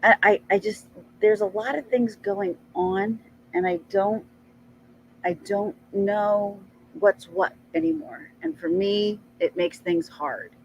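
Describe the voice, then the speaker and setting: A middle-aged woman vlogging at an unhurried pace, rambling through a personal story in a chatty, animated way. Her pitch often leaps up as she talks, and faint ambient noise sits behind her voice. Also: muffled recording. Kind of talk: casual storytelling vlog.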